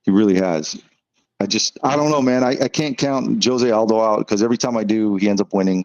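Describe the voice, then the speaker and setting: A man's voice: lowish voice, brisk, a little mellow, lo-fi sound. A man hosting a casual podcast, reading out fight odds and giving picks, swearing now and then. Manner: casual, swears, reads out betting lines. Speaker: podcast host.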